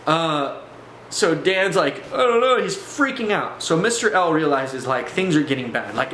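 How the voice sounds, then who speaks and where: A man vlogging a personal testimony, telling it in an animated way with many fillers. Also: a little high. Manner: animated, filler-heavy storytelling. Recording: echoey room, faint background noise.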